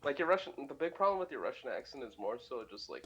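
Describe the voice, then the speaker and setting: A man's voice: medium pitch, big pitch swings, quick pace, a bit bright, breathy edge, dull audio. A man co-hosting a casual streamed podcast chat, laughing often and swearing freely. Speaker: podcast co-host.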